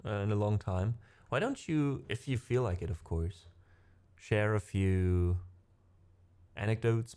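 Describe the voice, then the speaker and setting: His voice is lowish, creaky, and warm in tone. A music streamer whose native language isn't English, he chats casually with his audience between piano pieces, meandering, correcting himself, and laughing often.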